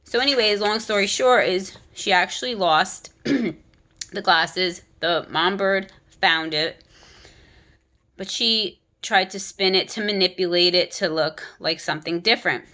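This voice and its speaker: A woman giving an animated, critical retelling of a children's book, talking casually with frequent restarts. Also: mid-range voice, measured pace. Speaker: content creator.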